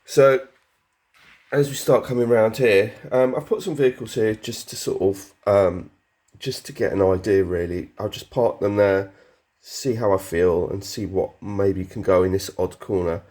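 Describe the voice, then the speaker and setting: A man with a very low, hoarse voice, still getting over a cold. He talks casually to camera, rambling with plenty of ums and restarts. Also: steady tone, moderate pace, darkish tone. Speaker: model railway vlogger.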